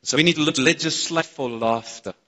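Excitable South African pastor preaching. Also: male voice, a little high, normal speed. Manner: excitable, interacts with the congregation. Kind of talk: sermon. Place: church auditorium. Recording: reverberant church hall.

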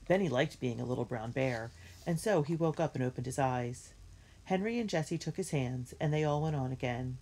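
A woman reading a children's book aloud in a clear, measured storytelling manner. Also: extremely low pitch, warm tone. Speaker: reader.

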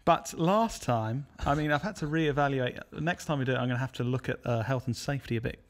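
A man's voice: medium pitch, fast. Rambling, anecdotal male podcast co-host. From England. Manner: rambling storyteller, mimics people in quotes. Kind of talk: casual chat.

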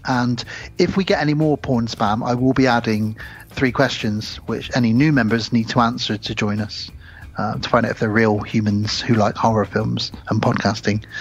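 Hosting a podcast about horror films, a man with a medium-pitched, breathy-edged voice chats casually, wandering off topic and making jokes at his own expense. The lo-fi audio sounds slightly dull.

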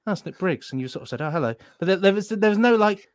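A man's voice: sits high, racing, no room sound. A man co-hosting a podcast, telling an anecdote in casual chat and mimicking what others said. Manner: animated storytelling, repeating and mimicking lines. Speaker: podcast co-host.

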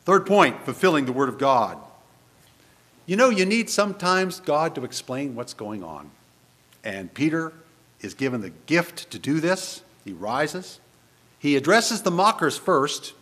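A man preaching a sermon in church, animated and conversational, posing many rhetorical questions to the congregation. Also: on the high side, unhurried. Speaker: pastor.

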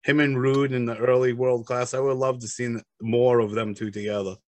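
A man's voice: mid-range voice, little pitch movement, brisk, a little mellow, no room sound. A man hosting a casual interview, prompting and recapping the guest's story.

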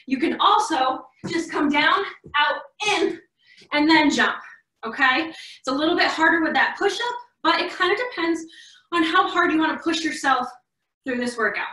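A woman's voice: high voice, expressive, normal speed, pushed and bright, far from the mic. A young woman coaching a live online workout class, encouraging and a little out of breath, heard from across an echoey room. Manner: encouraging, upbeat instructions. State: slightly out of breath. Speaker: fitness coach.

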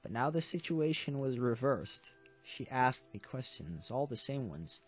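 A man's voice: mid-range voice, big pitch swings, measured pace, breathy edge, faint music behind. Man reading a sad story aloud. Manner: earnest reading with small stumbles and self-corrections. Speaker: let's play host. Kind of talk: reading a visual novel aloud.

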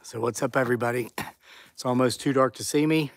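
A man's voice: medium pitch, a little fast, slight background noise. A man hosting a live stream outdoors at dusk, chatting casually and reading viewer comments aloud. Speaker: channel host on a live stream. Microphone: phone or camera on a tripod.

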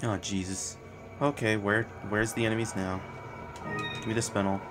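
A man giving casual, profane commentary while he plays, swearing often and blurting out quick reactions. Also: lowish voice, little pitch movement, over music. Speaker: gameplay streamer.

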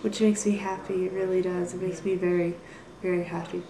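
A woman's voice: fairly low pitch, level tone, a little fast, dark tone, roomy sound, rough recording. A young woman rambling through a casual vlog, apologizing often and putting herself down. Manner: rambling, apologetic, self-deprecating. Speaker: vlogger. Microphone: built-in computer mic.

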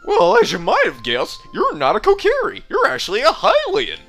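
A chirpy, childlike tree sprout spirit from a video game chatters in a squeaky, sing-song voice pitched very high, as an Australian man puts it on. Bright, lively and bouncy, with the Australian accent still heard. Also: moderate pace, faint music behind, full character voice.

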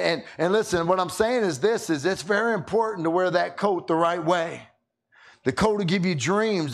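A high-voiced man preaching in an animated, storytelling way. He keeps stumbling over the first words of his sentences and repeating them as he builds his point. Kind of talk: sermon with storytelling.

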